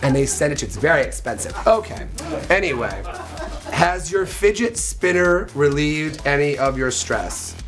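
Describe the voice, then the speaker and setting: A man's voice: fairly high pitch, lively intonation, normal speed. A man hosting a live comedy podcast, crude, campy and rambling, losing his voice. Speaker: podcast host. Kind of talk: casual comedic chat. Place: live venue with music playing.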